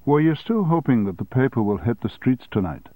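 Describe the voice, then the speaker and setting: A man's voice: mid-range voice, big pitch swings, fairly quick, warm tone, no room sound, pitched above the performer's own voice. A man reading an audiobook and voicing a smug male union boss who speaks with sly, feigned innocence.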